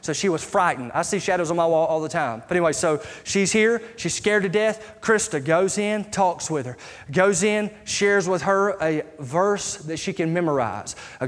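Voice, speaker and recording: A middle-aged man preaching a sermon as pastor, asking his congregation rhetorical questions in an animated way. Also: high-pitched, moderate pace. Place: church sanctuary. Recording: live church recording with reverb and music.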